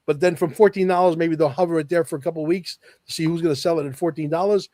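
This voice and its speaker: A man's voice: a little high, steady tone, fast talker, darkish tone, no room sound. Emphatic man, dry close sound. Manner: emphatic, repeats key lines for effect. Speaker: guest. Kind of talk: podcast interview talk.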